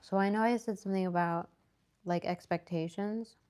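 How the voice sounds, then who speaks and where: A woman in a casual argument with her partner, answering in a hesitant, halting way. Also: medium pitch, fairly even intonation, a little mellow, clean tone. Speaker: partner in a debate.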